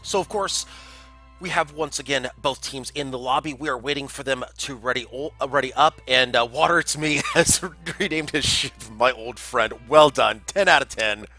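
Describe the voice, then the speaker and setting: A man's voice: medium pitch, moderate pace, pushed and bright, faint music behind. A man casting a community game tournament on a livestream, chatty and jokey, reading out chat messages. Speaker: tournament caster.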